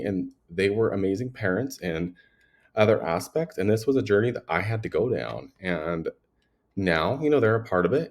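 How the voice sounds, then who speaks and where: A young man with a low-pitched voice talks earnestly and at length. He speaks in a personal podcast monologue that rambles and is full of fillers. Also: darkish tone. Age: young adult. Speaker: podcast host.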